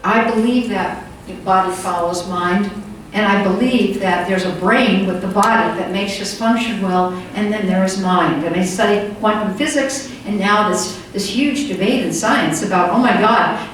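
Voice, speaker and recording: A woman's voice: medium pitch, moderate pace. Older woman speaking in an echoey hall. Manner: storytelling, conversational, many fillers. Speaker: conference speaker. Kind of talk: conference talk. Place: conference hall. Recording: echoey hall from far off with faint room noise.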